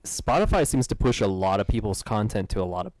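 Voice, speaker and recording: A man's voice: lowish voice, expressive, darkish tone, no echo, low-quality recording. Chatty man guesting on a podcast. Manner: chatty, quick to laugh. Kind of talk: casual podcast chat.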